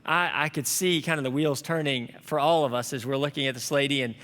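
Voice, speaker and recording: A man's voice: medium pitch, steady tone, fairly quick, fairly bright tone. Earnest young preacher man in a reverberant hall. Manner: storytelling, earnest and conversational. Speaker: pastor. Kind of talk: sermon.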